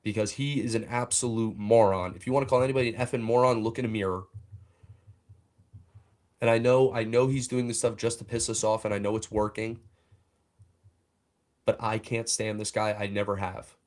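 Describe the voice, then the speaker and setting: A man's voice: on the low side, steady tone, normal speed, long pauses, darkish tone. A young man hosting a fan show, ranting angrily and heatedly about a sports analyst. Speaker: fan podcast host. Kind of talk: livestream rant.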